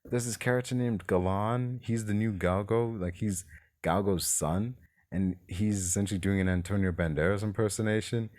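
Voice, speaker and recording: A man's voice: fairly low pitch, fairly even intonation, moderate pace, darkish tone. A man giving a casual, rambling film review, exasperated and swearing freely.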